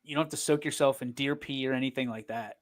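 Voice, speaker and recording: A man's voice: mid-range voice, fairly even intonation, quick pace. A man co-hosting a sports show, bantering casually, rambling and teasing his partner. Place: streaming studio.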